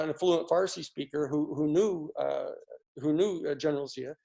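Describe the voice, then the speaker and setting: A man's voice: a little high, gravelly, a little mellow. An older man from the United States giving a rambling, sarcastic political commentary, full of fillers and restarts. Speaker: speaker giving a political talk. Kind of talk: casual spoken commentary.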